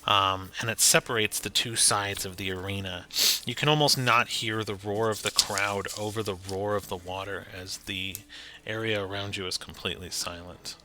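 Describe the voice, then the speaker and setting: Man, game master, very bright tone, casual and chatty, laughs often. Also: on the low side, steady tone. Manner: casual, laughing, quick asides. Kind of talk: running a tabletop game stream.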